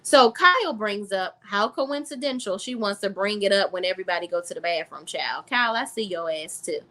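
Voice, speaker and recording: A woman's voice: medium pitch, animated, fairly quick, sharp tone. A woman recapping a reality TV episode in a blunt, profane, sassy style, talking straight to her viewers. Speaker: reality TV reviewer. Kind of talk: casual recap vlog.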